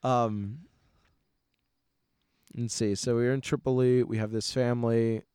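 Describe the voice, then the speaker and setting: A man's voice: medium pitch, level tone, a little slow, warm tone, clear, resonant tone, dry recording, studio quality. A young man telling travel stories in a casual chat, rambling and acting out quoted voices. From United States. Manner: rambling storyteller who acts out quoted voices.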